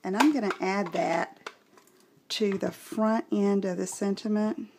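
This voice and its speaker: A woman with a Texas Southern accent talks through a craft demonstration in a relaxed, unhurried way, thinking aloud as she goes. Her pitch sits in a middle range. A faint hiss runs under her voice, and soft clicks come from the tabletop. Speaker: craft tutorial host.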